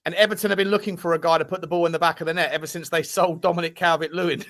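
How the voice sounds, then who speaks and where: A man co-hosting a football podcast, chatting casually with excitable, jokey banter. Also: on the high side, rapid-fire. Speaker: podcast co-host.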